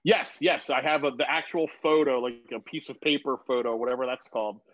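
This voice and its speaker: A man telling a rambling story on a video call, swearing freely and getting animated as he retells it. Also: mid-range voice, a little fast, no echo, dull audio. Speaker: guest. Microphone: phone on video call.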